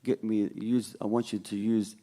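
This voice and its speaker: A man voicing a patient, wise old grandfather in a story told during a sermon, in his own low voice. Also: little pitch movement, moderate pace, dark tone, lightly acted.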